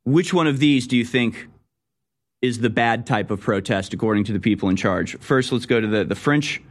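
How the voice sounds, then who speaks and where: A man's voice: mid-range voice, normal speed. A man hosting a talk radio show, giving sarcastic, rambling political commentary. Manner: mocking, sarcastic, loose and rambling.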